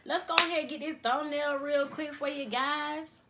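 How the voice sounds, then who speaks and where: A woman's voice: high-pitched, fairly even intonation, moderate pace, heavy background noise. A young woman filming a casual vlog in her bedroom on her cell phone, chatting to viewers and calling them y'all. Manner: chatty, addresses viewers as y'all, repeats okay. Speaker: mukbang vlogger.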